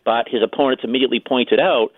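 A man's voice: mid-range voice, fairly even intonation, no echo. A man as a guest political commentator on a radio talk show, speaking casually with many fillers over a phone line. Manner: quick, chatty, many fillers. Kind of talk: radio call-in interview. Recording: tinny dry phone line.

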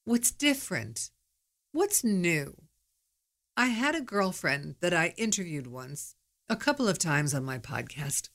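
A woman's voice: on the low side, sing-song, a little slow, a bit bright. A middle-aged woman hosting her own podcast, talking candidly in a chatty, storytelling monologue. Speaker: podcast host. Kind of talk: casual monologue.

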